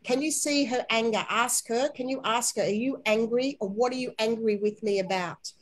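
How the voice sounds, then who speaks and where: A woman guiding a spiritual inner-child healing session, talking softly and slowly and coaxing with endearments. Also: a little high, poor audio. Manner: soft, slow, coaxing guidance with gentle endearments.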